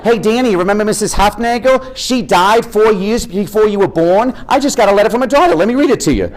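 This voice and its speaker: A man imitating his talkative, excited mother in a raised, eager voice. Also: brisk, slight background noise. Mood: excited chatter. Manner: eager, chattering, high-pitched.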